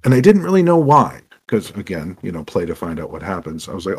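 A man telling animated stories as a podcast guest about running tabletop games, acting out what his players said. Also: low-pitched, fast talker, husky. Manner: animated, acts out quoted players. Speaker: podcast guest, game master. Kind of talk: anecdotal interview storytelling.

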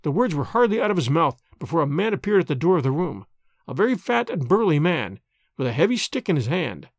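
Guy reading an old detective story, lively up-and-down voice, dry close mic. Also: fairly high pitch, fairly quick, dry recording. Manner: expressive, dramatic. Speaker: narrator.

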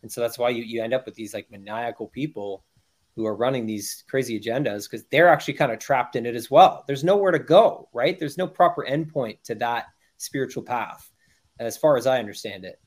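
A man's voice: mid-range voice, brisk. Man speaking earnestly as a podcast guest. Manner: earnest, emphatic, many restarts. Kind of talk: podcast interview.

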